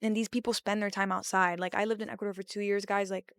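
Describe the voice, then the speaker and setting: Smooth-voiced woman telling a spooky story. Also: medium pitch, quick pace, no room sound, studio quality. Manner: animated, acts out quotes, swears casually. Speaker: podcast host. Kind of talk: casual storytelling.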